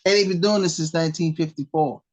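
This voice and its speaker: A woman co-hosting a casual podcast chat, teasing her co-host and pausing often as she searches for words. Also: low voice, darkish tone, poor audio. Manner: playful teasing, drawn-out pauses.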